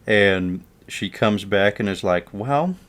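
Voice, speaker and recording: A man's voice: deep voice, little pitch movement, normal speed. A man casually telling a funny story from his school days, loose and profane, laughing along. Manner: loose and profane, chuckling through the tale.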